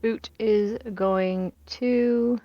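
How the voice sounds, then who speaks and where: A woman's voice: a little high, steady tone, very slow, no echo, highs cut off. A woman playing a tabletop game, thinking aloud about her moves. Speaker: player. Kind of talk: casual tabletop play.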